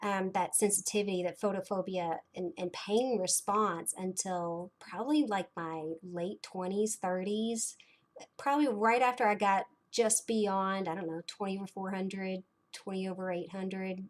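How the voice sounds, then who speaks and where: A woman's voice: mid-range voice, steady tone, a little slow. Woman, 30s, livestream host, casual chat, rambling, filler-heavy, dramatic asides. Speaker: host of a blind community livestream.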